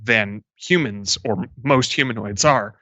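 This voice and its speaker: A man's voice: fairly low pitch, unhurried, pushed and bright, no echo, dull audio. A man narrating a tabletop game as game master, casual and full of fillers. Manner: casual, many fillers and restarts.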